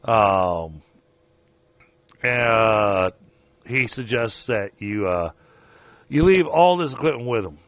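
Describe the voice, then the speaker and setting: Game master, male, deep-ish voice, halting delivery, dry dull lo-fi mic. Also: expressive, a bit bright, dry recording. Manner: halting, filler-heavy narration. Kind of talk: narrating a tabletop game.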